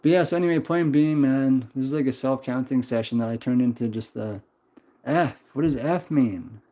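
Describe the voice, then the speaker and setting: A man's voice: medium pitch, moderate pace, mellow. Rambling, profane young man livestreaming. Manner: rambling and profane, answering chat. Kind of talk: casual livestream chat. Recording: dull lo-fi stream audio.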